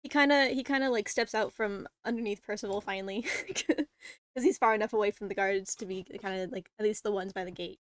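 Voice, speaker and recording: A woman's voice: medium pitch, brisk. A woman game master narrating a tabletop game casually, rambling and laughing.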